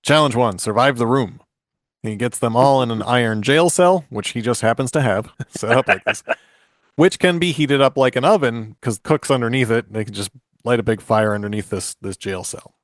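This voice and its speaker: A man's voice: medium pitch, moderate pace, dry recording, studio quality. A man in his forties casually retelling a fairy tale on a podcast, joking and laughing often as he goes. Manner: jokey, laughs often, restarts a lot. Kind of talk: casual chat and comic story retelling.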